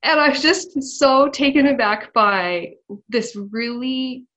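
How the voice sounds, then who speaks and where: A woman's voice: high-pitched, takes it slowly, a bit bright, low-quality recording. A woman in her thirties on a radio program, telling a family story casually, laughing often and turning emotional.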